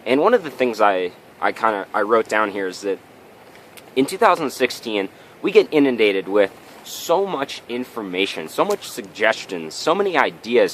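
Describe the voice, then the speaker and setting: Low-voiced man telling a motivational story. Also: a bit bright, slight background noise. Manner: storytelling, frequent tag questions. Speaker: vlogger. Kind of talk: motivational talk to camera.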